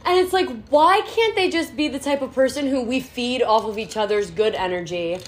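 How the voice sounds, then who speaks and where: A woman's voice: fairly high pitch, normal speed. A young woman co-hosting a casual chat, reflective and supportive, thinking aloud with many fillers. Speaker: podcast co-host.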